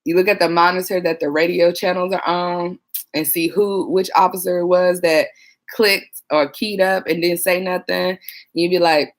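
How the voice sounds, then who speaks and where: A woman's voice: lowish voice, steady tone, moderate pace. A woman who worked as a police dispatcher, chatting casually to viewers about trainees and acting out coworkers. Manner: chatty, laughing, mimics people. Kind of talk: casual livestream chat.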